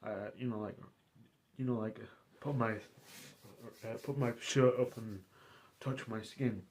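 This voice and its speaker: A man streaming and casually retelling a roleplay story, rambling and halting as he goes. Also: on the low side, fairly even intonation, a little mellow. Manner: rambling, halting, many fillers and restarts.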